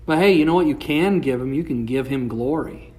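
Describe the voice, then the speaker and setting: A man's voice: mid-range voice, fairly quick, darkish tone. A man preaching a sermon with passion, his voice rising and dropping, reading scripture aloud along the way. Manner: impassioned preaching, rising and falling. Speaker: pastor.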